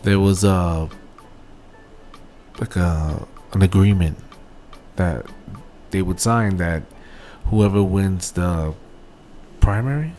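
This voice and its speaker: A man's voice: sits low, slow pace, pauses often, dark tone, soft background music. A man with a New York accent, co-hosting a casual podcast, needling his partner with questions and slipping in Spanish phrases. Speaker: podcast co-host. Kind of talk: casual debate.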